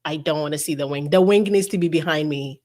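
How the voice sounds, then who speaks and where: A woman's voice: sits low, fast talker, darkish tone. A woman in her thirties, a podcast guest chatting in a playful, teasing, diva-like way. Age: 30s. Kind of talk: casual chat.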